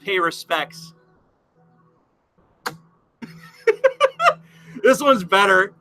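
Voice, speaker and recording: A man's voice: high voice, expressive, drawn-out words, vocal fry, bright, forceful tone, dry recording. A man hosting a casual live stream, talking to chat in a profane, exasperated way and laughing often.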